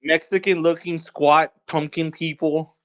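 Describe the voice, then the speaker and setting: A man's voice: on the high side, steady tone, a bit bright. Stammering young man with a raised voice. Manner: halting, stammering storyteller. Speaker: podcast co-host. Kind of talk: crude casual banter. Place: online voice chat.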